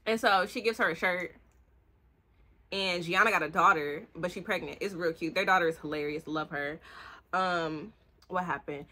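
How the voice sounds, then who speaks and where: Young woman, bright voice, rambling book chat, cusses a lot. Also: on the low side. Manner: animated, swearing, acts out the characters' lines in quick bursts. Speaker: book vlogger. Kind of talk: rambling casual book review.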